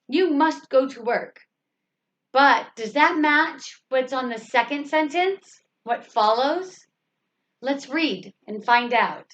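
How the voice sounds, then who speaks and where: Patient woman English teacher, high voice, unhurried, repeats examples, asks the class questions. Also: a bit bright. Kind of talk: slow grammar lesson explanation. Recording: slightly dull lo-fi recording.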